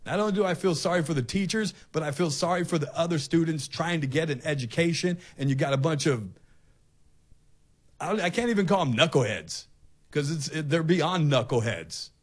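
A man's voice: fairly high pitch, animated, a little fast. A male talk show host delivering an impassioned, ranting opinion monologue, often repeating himself.

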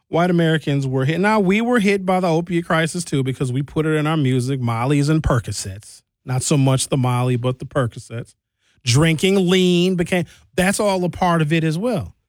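A man giving an animated, emphatic commentary monologue with big jumps in emphasis. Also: normal speed, no room sound. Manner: animated, emphatic, jumping pitch.

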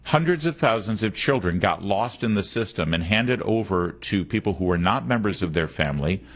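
A man's voice: fairly low pitch, animated, moderate pace. A man hosting a talk radio show, giving opinions in a conversational way and repeating the call-in number.

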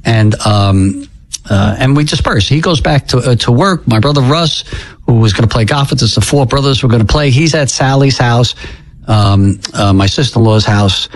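A man's voice: mid-range voice, poor audio. Emotional older man telling a hard story. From United States. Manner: halting, repeats words, many fillers. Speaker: interview guest. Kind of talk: personal story in an interview.

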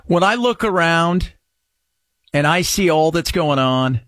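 Man, talk radio host, sarcastic, mocking shouts, high voice, dry studio mic. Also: animated, slow pace, no room sound. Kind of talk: opinionated talk radio monologue.

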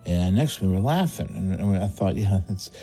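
Rambling man with a dark, low voice. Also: lively intonation, moderate pace, breathy edge. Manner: rambling, self-mocking storyteller with lots of fillers. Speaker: caller telling a story. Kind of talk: casual phoned-in anecdote.

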